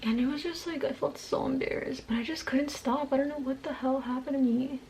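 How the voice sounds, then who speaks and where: A woman's voice: sits high, fairly even intonation, a little fast, a little mellow, slight background noise, low-quality recording. Chatty young woman doing her makeup. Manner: casual, rambling, lots of "like" and slang. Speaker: beauty vlogger. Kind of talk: chatty get-ready-with-me vlog. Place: home, doing makeup at a mirror.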